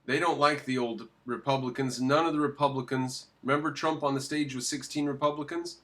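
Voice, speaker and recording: A man giving opinionated commentary while reacting to a video clip, emphatic and quick to ask questions and answer them himself. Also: medium pitch, fairly even intonation, a bit bright.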